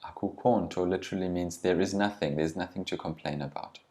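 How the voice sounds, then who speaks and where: Speaking in a low, darkish tone, a man works through a language lesson at a deliberate pace. He pronounces every word carefully, then gives its meaning.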